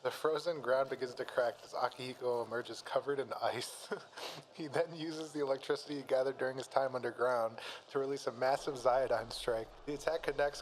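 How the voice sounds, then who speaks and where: A man's voice: medium pitch, low-quality recording. A man casually reads battle narration aloud, laughing often and making jokey asides. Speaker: streamer reading a fan-made battle story.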